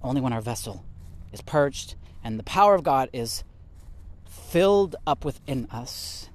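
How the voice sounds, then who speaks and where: Lively, slightly breathless male teacher. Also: mid-range voice, measured pace. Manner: animated, reads and explains scripture; talks while walking vigorously. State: a little out of breath. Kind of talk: spoken Bible teaching.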